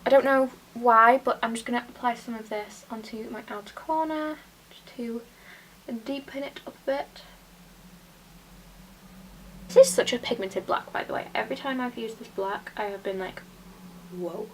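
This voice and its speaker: Chatty young British woman, higher voice. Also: moderate pace, slight background noise. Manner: chatty, giggly, drifts into soft whispers. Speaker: beauty vlogger. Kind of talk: casual get-ready-with-me chat.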